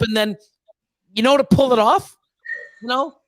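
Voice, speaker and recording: A man hosting a casual live show, telling stories in a profane, animated way, often laughing mid-sentence and acting out what others said. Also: very high-pitched, unhurried, pauses often, no echo. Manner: acts out quoted exchanges with voice changes. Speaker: host of a reptile-keeping live show. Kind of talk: casual live-stream chat.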